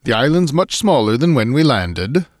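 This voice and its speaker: A man voicing a calm, practical Swedish adventurer who talks in a brisk, matter-of-fact way, in a spoken-word story reading. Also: mid-range voice, no echo, studio quality, voice pushed up.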